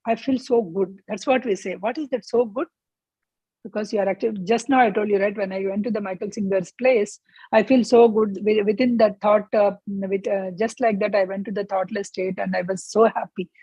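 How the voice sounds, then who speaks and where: A woman's voice: medium pitch, normal speed, dark tone, husky, dry recording, rough recording. A woman leading a spiritual book club, reading passages aloud and explaining them with rhetorical questions. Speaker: book club discussion leader.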